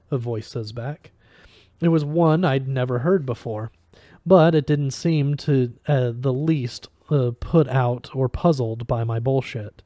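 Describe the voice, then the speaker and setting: Man reading a novel aloud, mellow dark tone, dry close sound, easygoing with small stumbles. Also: medium pitch, dry recording. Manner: casual reading with small slips and restarts. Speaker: audiobook reader.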